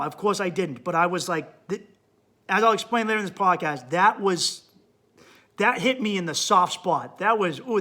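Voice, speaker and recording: A man hosting a comedy podcast delivers a crude, blunt monologue, acting out his own thoughts as he goes. His voice is high, bright and sharp-edged.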